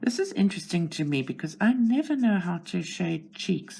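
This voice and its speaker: A woman's voice: lowish voice, sing-song, fairly quick, gravelly, hardly any pauses, mellow, slightly rough. A South African woman chatting casually as she colors, narrating her steps in a chatty, self-deprecating way. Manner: chatty, self-deprecating, talks to herself while working. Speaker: channel host. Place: at home.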